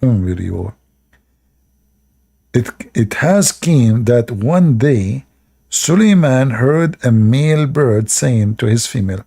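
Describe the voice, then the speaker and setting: A man's voice: medium pitch, animated, slow pace, creaky, mellow, husky. A man giving sarcastic live-stream commentary in non-native English while reading stories aloud, often breaking into laughter. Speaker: streamer commenting on religious texts.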